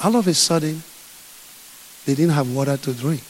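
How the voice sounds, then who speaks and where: A man preaching a sermon, telling a Bible story with lively acting. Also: a little high, moderate pace, long pauses. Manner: animated storytelling, acting out scenes. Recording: echoey hall.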